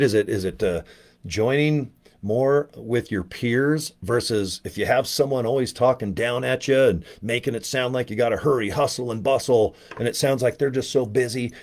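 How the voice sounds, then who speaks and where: A middle-aged man with a mid-range, somewhat dark voice promotes network marketing in a laid-back motivational clip. His talk is loose and meandering, peppered with profanity and false starts.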